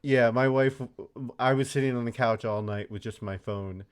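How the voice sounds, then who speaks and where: A man co-hosting a podcast in relaxed casual chat, speaking haltingly with many filler words. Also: mid-range voice, clear, resonant tone. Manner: laid-back, halting, leans on filler words. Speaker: podcast co-host.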